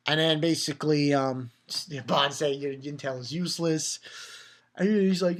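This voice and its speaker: A man giving a casual, rambling review of a manga chapter. He chuckles often and jumps into higher voices for the characters he quotes. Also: animated, measured pace.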